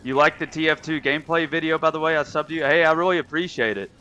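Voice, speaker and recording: A man's voice: fairly high pitch, fast, sharp tone, dull audio. A young man streaming a game, chatting casually and answering viewers' messages as he plays. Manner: chatty, reads and answers live chat. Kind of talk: casual chat while gaming.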